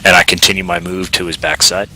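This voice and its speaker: A man playing a tabletop game, briskly calling out his rolls and moves. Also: low-pitched, flat delivery, sharp tone, soft background music, poor audio. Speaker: player. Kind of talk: casual tabletop game chat.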